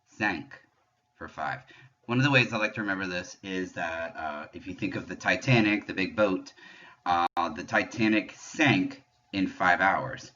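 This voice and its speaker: A man giving a patient pronunciation lesson, explaining French sounds step by step and demonstrating them slowly. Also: low voice, bright, forceful tone, lo-fi sound. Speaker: French teacher.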